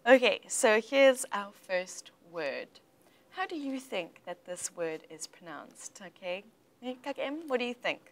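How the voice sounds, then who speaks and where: A woman coaching English pronunciation in a livestream chat, playful and teacherly, modelling words slowly and repeating them. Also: mid-range voice, very animated.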